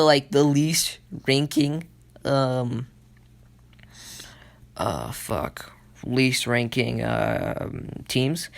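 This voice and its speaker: A man casually recapping an anime storyline on his own channel, full of fillers and loose swearing. His voice sits at an average pitch with a gravelly rasp. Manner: rambling, lots of fillers and swearing. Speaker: channel host. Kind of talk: casual anime plot retelling.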